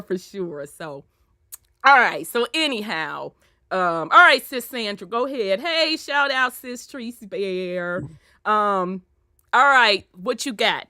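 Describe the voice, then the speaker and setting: A woman with a Southern accent hosting an online talk show, telling stories in a loud, animated way with plenty of profanity. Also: fairly high pitch, slow pace, no room sound, studio quality. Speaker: host. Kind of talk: casual chat.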